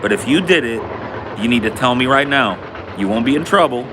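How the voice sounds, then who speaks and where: A man's voice: mid-range voice, animated, brisk, noisy background, natural voice. A man voicing a stern, earnest father talking seriously to his son.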